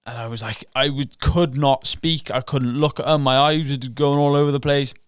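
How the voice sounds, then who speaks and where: A man's voice: medium pitch, steady tone, normal speed, clean tone, no room sound, studio quality. A professional fighter guesting on a podcast, telling his story frankly and profanely, acting out what he and others were thinking. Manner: frank and profane, relives moments with quoted inner thoughts. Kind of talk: casual interview storytelling.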